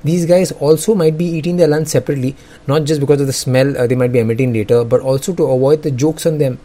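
A man's voice: mid-range voice, steady tone, quick pace, dark tone. Joking man mocking the news. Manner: sarcastic, joking, laughs often. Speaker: host. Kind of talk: comedic news commentary.

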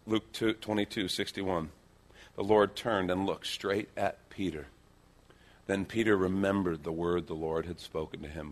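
Animated male pastor preaching. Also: measured pace. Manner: animated storytelling, acts out quotes with big pitch swings. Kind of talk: sermon.

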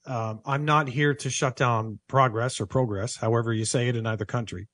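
Brief: male sports broadcaster, earnest and reflective, mid pitch, dry close mic. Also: fairly even intonation, moderate pace, fairly bright tone, dry recording. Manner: thoughtful, earnest, repeats for emphasis. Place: office.

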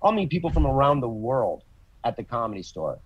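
A man chatting on a podcast, telling stories with swearing and lively acted-out quotes. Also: medium pitch, a little fast, slightly rough, muffled recording. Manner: profane, animated storytelling with acted quotes. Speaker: comedian guest. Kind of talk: casual podcast chat.

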